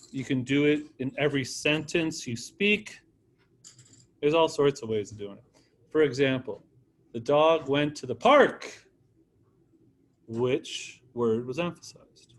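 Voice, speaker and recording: A man with a slightly raised pitch leads an art lesson. He talks to the class in a loose, encouraging way and calls on students by name. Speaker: art teacher. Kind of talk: classroom teaching.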